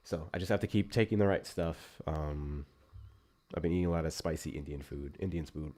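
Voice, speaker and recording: Casting: very low-voiced American man, livestream host, loose and profane. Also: a little fast. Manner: profane, animated, laughing asides. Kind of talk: casual livestream chat.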